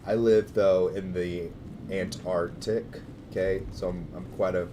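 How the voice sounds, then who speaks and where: A man with a Californian American accent chatting casually with his livestream viewers, rambling and hesitant with many restarts, breaking into loud cheerful greetings. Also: low voice, steady tone, unhurried, noisy background. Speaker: gaming livestreamer.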